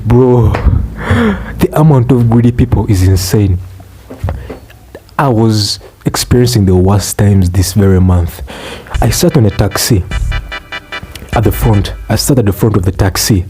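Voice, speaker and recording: A young man ranting in a profane, exasperated comic vlog, swearing and bursting out loudly. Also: on the low side. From Uganda. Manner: exasperated, swearing, loud outbursts. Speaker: vlogger.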